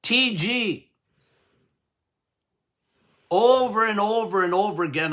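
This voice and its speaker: A man's voice: sits high, expressive, slow pace, long pauses, a bit bright. A man hosting a health podcast as a doctor, talking emphatically, repeating key words and laughing at his own jokes. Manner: emphatic and repetitive, drumming points home.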